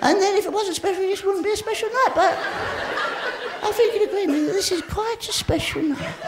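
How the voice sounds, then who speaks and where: A woman's voice: extremely high pitch, a little fast. A woman performing a live stand-up comedy routine, cheeky and rambling, talking straight to the audience. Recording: echoey live room with crowd laughter and noise. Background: audience laughter.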